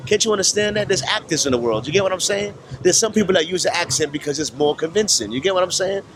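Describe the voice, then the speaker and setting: A man's voice: sits high, animated, fast talker. A man interviewing people outdoors at a city festival, who puts on an accent, talks in slang and brags. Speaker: street interviewer. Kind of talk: casual street interview. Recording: loud street noise outdoors.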